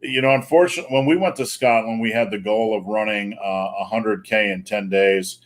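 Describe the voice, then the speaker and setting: A man's voice: lowish voice, fairly quick. A man hosting a live online Q&A, chatting casually and joking, with plenty of fillers. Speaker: host. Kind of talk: live-stream Q&A chat.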